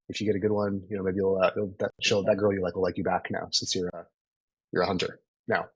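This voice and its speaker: A man's voice: deep voice, level tone, fast talker, husky, no echo, lo-fi sound. A man in his thirties coaching a group in a live online training, casual and profane, always checking in with "right?". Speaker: sales coach.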